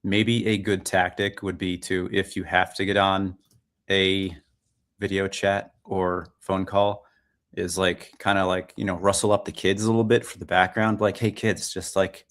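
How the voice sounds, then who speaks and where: Low-voiced man telling a story. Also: unhurried. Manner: relaxed storytelling with frequent ums. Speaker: podcast co-host. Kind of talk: casual chat.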